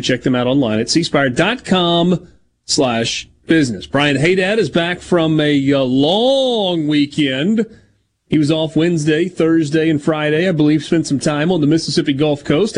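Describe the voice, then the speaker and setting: A man hosting a sports radio talk show and reading live ads in an upbeat, lively way from a studio. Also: fairly high pitch, a little hiss or hum.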